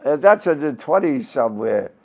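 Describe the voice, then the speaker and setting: A man's voice: mid-range voice, very animated, moderate pace, gravelly. A man in his nineties from Brooklyn, telling showbiz anecdotes with punchlines in a casual interview. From Brooklyn, New York. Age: 90s. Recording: dull lo-fi recording.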